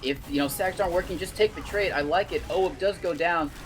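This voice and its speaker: A man's voice: sits high, a little fast, background noise. A man co-casting a live esports match in a laid-back, casual way, chuckling often. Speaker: esports caster. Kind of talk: live play-by-play commentary.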